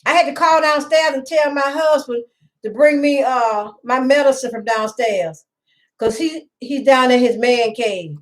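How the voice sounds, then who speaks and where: A woman's voice: sits high, a little slow, rough recording. A middle-aged woman hosting a casual home live stream, rambling and chatty, greeting viewers by name and laughing often. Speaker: livestream host.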